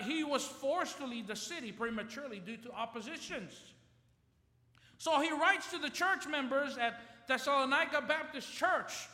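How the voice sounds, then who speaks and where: A man preaches a fervent revival sermon, his voice pitched very high and cutting. He rallies the congregation to answer him back. The sound carries a long church reverb. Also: bright, forceful tone. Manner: fervent, call-and-response with congregation. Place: church sanctuary.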